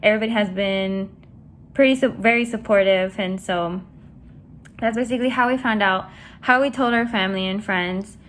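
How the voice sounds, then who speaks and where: A woman's voice: mid-range voice, fairly even intonation, normal speed, fairly bright tone. A young woman vlogger chatting casually while doing her makeup, rambling with lots of fillers and tossing in Spanish words. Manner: rambling, many "you know" and "like" fillers, mixes in Spanish words.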